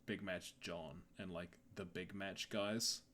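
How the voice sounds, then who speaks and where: A man's voice: low-pitched, fairly even intonation, slow pace, pushed and bright, slight background noise. A young man co-hosting a podcast in casual chat, laid-back, laughing often and trailing off mid-sentence. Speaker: podcast co-host.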